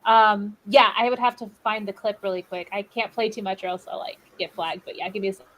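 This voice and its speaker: A woman's voice: mid-range voice, steady tone, a little fast, fairly bright tone, a little hiss or hum, poor audio. A woman hosting a podcast over a video call, chatting casually with many fillers and laughs. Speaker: podcast host. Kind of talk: casual chat.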